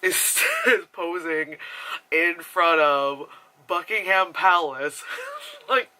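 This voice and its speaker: An upbeat young man with an American accent from New Jersey narrates his vacation clips in a loose, chatty way, swearing freely and breaking into laughter. His voice has a very bright edge. It sits a little high for a man. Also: very slow. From New Jersey, USA. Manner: casual, swears freely, laughs often, animated impressions. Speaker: vlogger. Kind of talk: voice-over commentary on travel footage.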